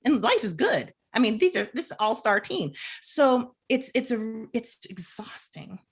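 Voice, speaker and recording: A woman's voice: fairly high pitch, a little slow, husky. A woman, a clinical social worker, being interviewed on a podcast; she explains at length, often restarting sentences and acting out inner voices. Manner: animated, acts out inner self-talk.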